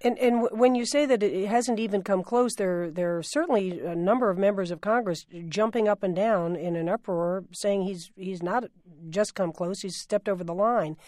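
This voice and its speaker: A woman's voice: mid-range voice, normal speed, few pauses, darkish tone, no echo, studio quality. A woman hosting a radio interview, asking probing questions and often repeating words as she phrases them. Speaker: radio host. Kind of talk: broadcast interview.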